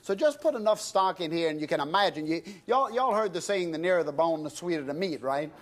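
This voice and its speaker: Middle-aged south louisiana guy cooking on tv, chatty, lots of y'alls, highish voice. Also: lively intonation, fairly quick. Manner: folksy, chatty, addresses audience as y'all. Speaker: TV cooking show chef. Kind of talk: cooking demonstration.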